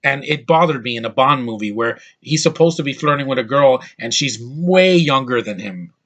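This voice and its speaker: A man giving a ranting film review to the camera, blunt and exasperated, talking in an animated way with frequent restarts. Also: mid-range voice, normal speed. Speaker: movie reviewer.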